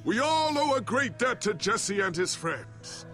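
A man's voice: sits high, sing-song, a little slow, pushed and bright, faint music behind, heavily acted. An actor playing a proud older male warrior hero in a video game, speaking in a solemn, confessional way.

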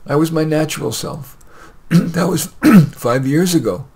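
A man reading his own short story aloud in a plain, measured way with light hesitations. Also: fairly high pitch, a little mellow, slightly rough.

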